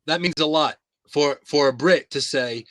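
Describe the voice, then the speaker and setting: Man, fake British accent, playful storyteller, bright forceful voice, dry close sound. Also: on the high side, normal speed, no echo. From United States. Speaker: host. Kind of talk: casual live-stream chat.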